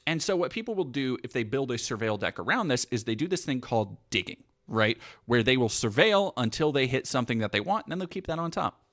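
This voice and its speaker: A man's voice: medium pitch, sing-song, fast, fairly bright tone. A man giving casual, sarcastic, profane commentary on video clips as a streamer.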